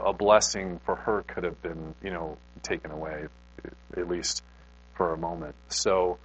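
A man's voice: sits low, a bit bright, a little hiss or hum, low-quality recording. A man preaching a casual, conversational sermon, telling a personal story with lots of restarts and self-deprecating asides. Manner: extrovert.

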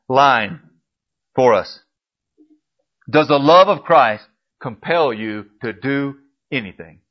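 A man preaching a sermon, pressing his listeners with repeated emphatic questions and swinging from quiet, low asides to loud, rising appeals. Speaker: pastor. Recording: dull lo-fi recording.

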